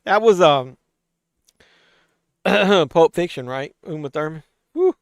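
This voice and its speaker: A man with a fairly high, smooth voice hosts a live stream from a home desk mic, answering chat as he goes. He is tipsy and swears freely. The sound is dry and close. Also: animated, slow pace, dry recording. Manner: loose and profane, tipsy, reacting to chat. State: tipsy from drinking. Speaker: host of a live watch-along stream. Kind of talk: casual live-stream chat, reading chat aloud.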